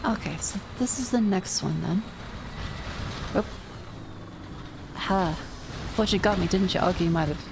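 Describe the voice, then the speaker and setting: Chatty woman streamer, slow talker. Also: medium pitch, creaky. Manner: chatty, exclamatory, talks to chat. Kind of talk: casual gaming chat. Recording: noisy stream mix.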